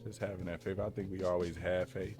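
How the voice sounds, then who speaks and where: A man's voice: deep voice, little pitch movement, brisk. A man who co-owns a restaurant, chatting in a laid-back way in an interview and often asking "you know what I mean". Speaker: restaurant co-owner. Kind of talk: casual interview chat. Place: indoors in a wing restaurant. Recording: music playing in the background.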